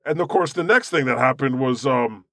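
Brash swearing man, bright dry voice. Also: mid-range voice, normal speed, no echo. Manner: irreverent, boastful, swears freely, deadpan jokes. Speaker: comedy podcast host playing God. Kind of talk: improvised comedy chat in character.

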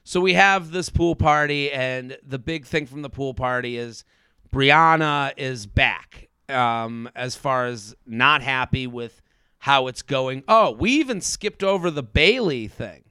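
A man co-hosting a podcast in casual chat, talking fast with animated asides and acting out quotes. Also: mid-range voice, clean tone, dry recording. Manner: animated, quick asides, acts out quotes in a flat robot voice. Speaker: podcast co-host. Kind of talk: casual chat recapping a reality show.

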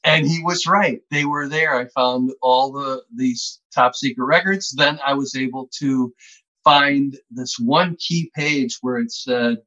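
A man talks through his stories in a relaxed, chatty way and breaks into laughs along the way. His voice is bright and forceful. The recording is dull and lo-fi. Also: mid-range voice, unhurried. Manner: chatty, laughs often while telling stories. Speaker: author and guest. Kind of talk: casual storytelling in an interview. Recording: dull lo-fi sound.

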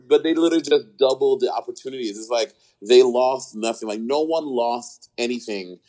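A man trading gossip in a loose, joking chat, full of crude slang. His voice sits at an ordinary middle pitch. When something surprises him it shoots up into squealed exclamations. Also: normal speed, mellow, low-quality recording. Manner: playful, profane slang with sudden high-pitched exclamations. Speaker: podcast host appearing as a guest. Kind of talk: casual chat.

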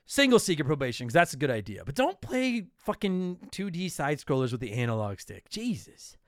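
A man's voice: a little high, big pitch swings, brisk, no echo, studio quality. A man in his thirties from Canada hosting a casual solo podcast, answering listener questions in a blunt, profane, joking way.

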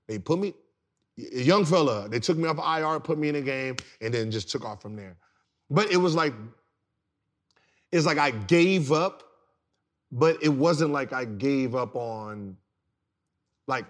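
Man in his 30s, ex-pro athlete as podcast guest, casual storytelling, animated and slangy, repeats himself, mid-range voice. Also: mid-range voice, measured pace, pauses often. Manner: animated, slangy, repeats words, gets loud and laughs while telling stories. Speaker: podcast guest, former pro basketball player.

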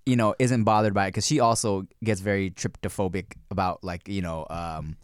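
A man's voice: deep voice, fairly even intonation, a little fast, smooth, no echo, clean studio sound. A man in his thirties who chats casually on a podcast, rambling with fillers and swearing. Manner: rambling, profane, lots of fillers and laughter. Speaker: podcast co-host. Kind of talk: casual chat.

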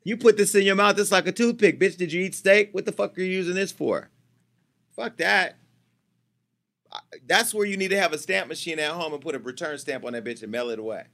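Brash, sharp-voiced gossip host man. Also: high-pitched, a little fast. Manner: brash, profane and teasing, talking to off-camera staff. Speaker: host of a celebrity gossip show. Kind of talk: casual gossip commentary.

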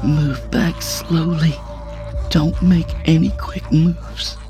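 A frightened young woman, as a male narrator puts her on, hushed and urgent, voiced well above his usual pitch. Her lines come slow and set back from the mic, with a gravelly grain and faint music under the horror tale. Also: fairly even intonation.

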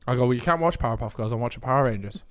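A man's voice: medium pitch, racing. Laughing man telling stories. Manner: animated storytelling, laughs often. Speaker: podcast host. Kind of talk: casual chat.

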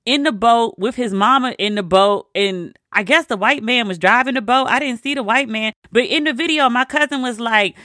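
Host riffing solo, wry and incredulous, bright edgy voice, dead dry sound. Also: medium pitch, a little fast, few pauses, no room sound. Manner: wry, animated, incredulous asides. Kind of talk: casual storytelling monologue.

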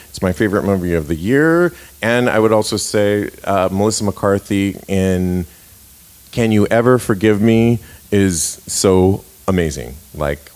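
Low-voiced man gushing about movies. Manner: gushing, animated storyteller. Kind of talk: casual chat.

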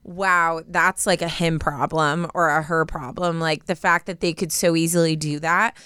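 A young woman with a low-set, very smooth and clear voice, chatting casually as a podcast co-host. She talks loosely, filling her sentences with "like". The sound is close and dry. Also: fairly even intonation, normal speed, pushed and bright, dry recording. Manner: chatty, full of "like" fillers. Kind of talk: casual advice chat.

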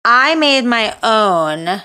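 A woman co-hosting a casual podcast, blunt and teasing, quick to call things gross. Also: on the high side, lively intonation, pushed and bright. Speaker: podcast co-host. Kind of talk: casual chat.

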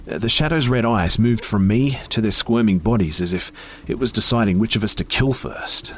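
A man narrating a first-person horror story in a measured, grim way. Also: fairly low pitch, slight background noise.

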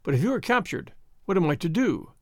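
Brigand: rough, distrustful prisoner, storybook reading by a male narrator, lively pitch. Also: fairly quick, no room sound, clean studio sound. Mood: gruff. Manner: eager and distrustful.

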